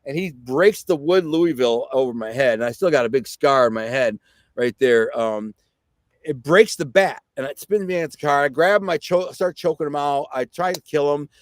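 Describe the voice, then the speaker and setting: A man's voice: on the high side, moderate pace, no room sound. A middle-aged man from Detroit, a podcast guest, telling a vivid story in casual, conversational talk full of fillers. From Detroit, USA. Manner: vivid, excited storyteller who acts out quotes; conversational, with frequent fillers and "right?".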